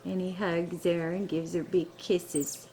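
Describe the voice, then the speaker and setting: Chatty woman vlogging at home, lower voice, laughs easily. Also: level tone, unhurried, warm tone, slight background noise, rough recording. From Texas. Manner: cheerful, chatty, laughs often. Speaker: vlogger, pet monkey owner. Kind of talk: casual home vlog chat.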